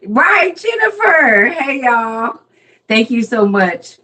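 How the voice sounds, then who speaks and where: Slow-talking grandmother, animated. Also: on the high side, rough recording. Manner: animated storyteller, laughs often. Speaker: livestream host and Bible teacher. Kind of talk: casual chat before a message.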